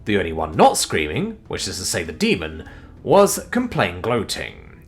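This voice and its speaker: A man narrating a sci-fi war story in an animated, expressive way, with sudden swings in pitch and loudness. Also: moderate pace, faint music behind.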